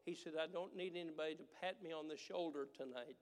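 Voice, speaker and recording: A man's voice: on the high side, fast talker, in a large hall. A man preaching a sermon as pastor, with a manner that builds into emphatic, repeated declarations. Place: church sanctuary.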